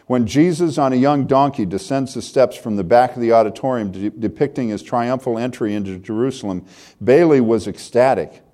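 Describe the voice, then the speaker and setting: A man's voice: mid-range voice, brisk, warm tone. An older man preaching a sermon, reading a story aloud in an earnest, heartfelt way.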